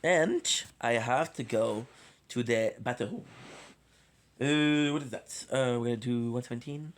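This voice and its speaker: A man's voice: medium pitch, a little slow. Rambling, swearing male streamer. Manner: rambling, swears freely, stutters and repeats words; counts aloud while playing. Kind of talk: casual live-stream chat.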